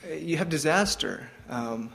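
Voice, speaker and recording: A man's voice: fairly high pitch, animated, unhurried, creaky, fairly bright tone. A younger man giving an informal devotional talk, hesitant, with frequent ums and restarts.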